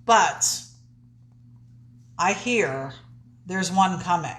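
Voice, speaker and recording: A woman's voice: lowish voice, animated, extremely slow, fairly bright tone. A middle-aged woman with a New Jersey accent, co-hosting a live stream, giggling and reading out viewer comments. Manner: giggly, reads comments aloud. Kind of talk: casual live-stream banter.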